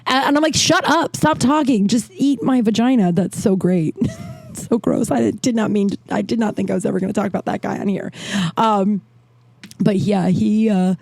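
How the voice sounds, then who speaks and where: A woman in her thirties hosting her podcast, telling candid, animated stories with frequent tangents and casual swearing. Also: medium pitch, moderate pace, vocal fry. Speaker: podcast host. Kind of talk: casual storytelling monologue. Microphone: desk microphone.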